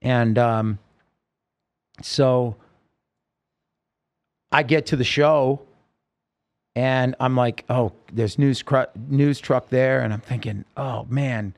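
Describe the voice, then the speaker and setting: A man's voice: mid-range voice, fairly even intonation, unhurried, pauses often. A man telling his story as a podcast guest, rambling and emotional, with many fillers. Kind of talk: casual storytelling interview.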